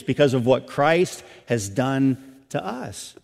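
A man's voice: mid-range voice, sing-song, slow, creaky. Emphatic preaching man in a reverberant hall. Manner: emphatic preaching, swelling louder on key phrases. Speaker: pastor. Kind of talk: sermon.

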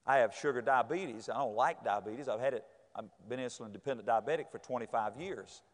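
A man's voice: medium pitch, brisk. A middle-aged man from North Carolina, preaching a sermon full of folksy, humorous stories. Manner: folksy, lively storytelling. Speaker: pastor. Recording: echoey hall.

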